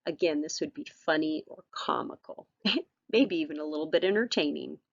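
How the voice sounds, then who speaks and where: A woman teacher walks students through a vocabulary lesson in a patient, encouraging way, dropping in ums and all-rights as she goes. Her voice sits on the lower side, and the recording sounds dull and lo-fi. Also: normal speed, creaky, dry recording.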